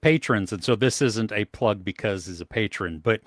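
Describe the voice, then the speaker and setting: A man's voice: lowish voice, moderate pace, no room sound, studio quality. A man co-hosting a casual movie review podcast, enthusiastic, laughing often and trailing off mid-sentence. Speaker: podcast co-host. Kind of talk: casual chat.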